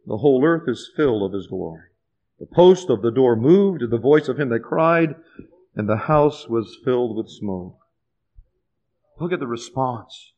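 High-voiced fervent male preacher. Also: sing-song, moderate pace. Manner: fervent, repetitive, often dropping to a near hush. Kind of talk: sermon. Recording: dull lo-fi sermon recording.

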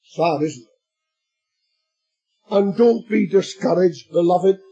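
A man delivering a sermon in a slow, drawn-out cadence. His voice is husky and mellow, and it rises to emphatic peaks. Faint music plays behind him. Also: sits high, dull audio. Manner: slow and emphatic, swelling to shouts at climaxes. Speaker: preacher.

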